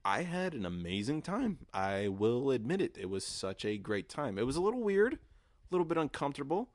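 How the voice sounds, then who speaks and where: A young man in his twenties, a podcast host, rambles through a casual story packed with fillers and swearing. His mid-range voice is very animated and a little fast, with no echo.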